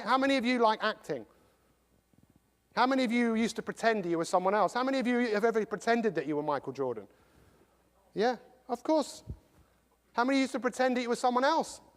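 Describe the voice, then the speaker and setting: A middle-aged man giving an energetic motivational talk, quizzing the audience as he goes. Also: very high-pitched. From England. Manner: energetic, rhetorical, quizzes the crowd. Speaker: motivational speaker. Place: large conference hall. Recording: long hall reverb.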